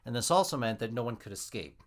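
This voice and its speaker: A man's voice: mid-range voice, animated, fast. A man hosting a podcast, telling a true story casually with wry joking asides.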